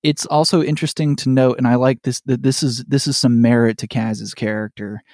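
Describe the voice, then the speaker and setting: A man co-hosts a casual podcast, rambling through an episode recap and restarting his phrases as he goes. His voice sits at an ordinary middle pitch. The sound is dry and close, with no room in it. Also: fairly even intonation, fairly quick, darkish tone, dry recording. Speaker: podcast co-host.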